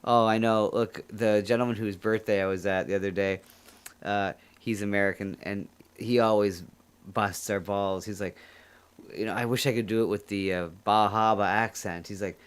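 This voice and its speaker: A man from Canada with a lowish voice hosts a livestream, chatting casually. He rambles and jokes and laughs often. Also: fairly even intonation, normal speed, smooth. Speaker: livestream host. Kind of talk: casual chat.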